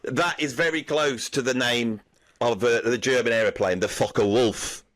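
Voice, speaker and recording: A man's voice: medium pitch, steady tone, normal speed, a bit bright, no room sound. A man hosting a silly chat with puppets, telling rambling anecdotes and laughing a lot. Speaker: host.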